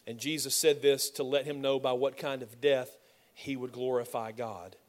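A man preaching a sermon, swinging between loud, emphatic declarations and soft, quiet asides. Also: mid-range voice, steady tone, normal speed.

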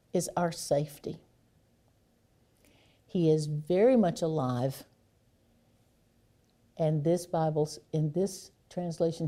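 A woman preaching a sermon, reflective and unhurried, sinking to a near hush on key phrases. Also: low voice.

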